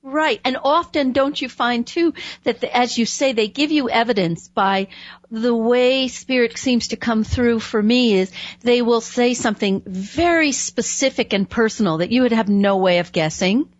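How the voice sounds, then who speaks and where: A woman's voice: a little high, moderate pace, dry recording, highs cut off. A woman hosting a radio talk show, chatting casually with a guest and dropping lots of "you know"s. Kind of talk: casual interview chat.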